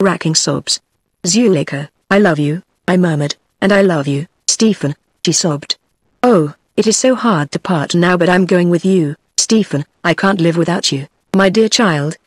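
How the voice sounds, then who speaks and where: A text-to-speech voice of a woman with a British English accent, reading a novel aloud with dialogue in the same even tone as the narration. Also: lowish voice, breathy edge, no room sound, studio quality. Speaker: audiobook narrator.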